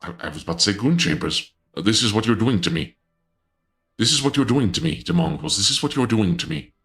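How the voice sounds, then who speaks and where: A man streaming casually in a dark lord persona, flustered and indignant, stammering and restarting often, with sudden high-pitched outbursts. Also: animated, fairly quick, gravelly, soft background music.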